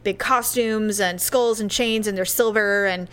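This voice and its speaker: A woman telling a story in casual chat, animated, with loud impressions of other people. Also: mid-range voice, unhurried, clean tone.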